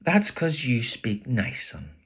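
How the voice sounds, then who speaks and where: A man with a Belfast accent voicing a sharp-tongued, protective working-class mother, blunt and scolding. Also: mid-range voice, very animated, takes it slowly, breathy edge, pitched above the performer's own voice, heavily acted. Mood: coaxing.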